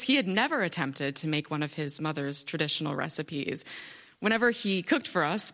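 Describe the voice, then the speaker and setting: A young woman telling a wry, lively personal story on stage. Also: low voice.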